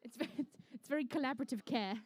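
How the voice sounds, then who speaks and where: A woman's voice: sits high, fast talker, husky, no echo. A young woman emceeing a live competition, chatty and jokey with the teams as she calls the action. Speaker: event emcee and commentator. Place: indoor conference venue.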